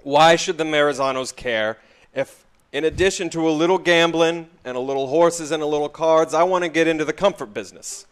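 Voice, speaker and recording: A man's voice: a little high, brisk, few pauses, smooth, pitched above the performer's own voice, close to an everyday voice. A man voicing a frustrated, aging racetrack owner who rambles and pleads in exasperation. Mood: exasperated.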